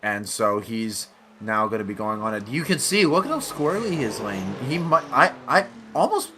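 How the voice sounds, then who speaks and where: A man commentating a sim racing league event, excitable and often correcting himself mid-sentence. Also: on the low side, moderate pace, noisy background. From United States. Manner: excitable, self-correcting, laughs along. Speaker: race commentator.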